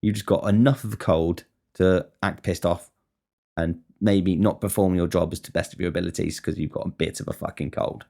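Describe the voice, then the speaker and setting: A man's voice: low voice, steady tone, fairly quick, vocal fry, dark tone. A young man talking bluntly in a casual podcast monologue, ranting and swearing freely. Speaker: podcast host.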